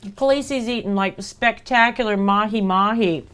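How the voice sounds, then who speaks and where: A woman's voice: mid-range voice, moderate pace, fairly bright tone, clear, resonant tone. A woman streamer chatting casually with her viewers, talking while she eats. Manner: chatty, talks to chat while eating. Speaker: livestreamer. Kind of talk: casual livestream chat.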